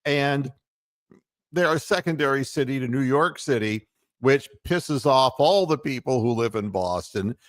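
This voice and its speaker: A man's voice: medium pitch, animated, a little slow, dry recording, clean studio sound. A man from Ohio hosting a casual sports talk show, rambling and heated, full of fillers and mocking quotes. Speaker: podcast host.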